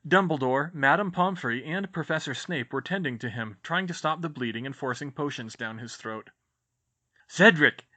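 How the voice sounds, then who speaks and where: Man, audiobook narrator, expressive, dramatic, bright tone, average pitch. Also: moderate pace, few pauses. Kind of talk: storybook reading of fan fiction.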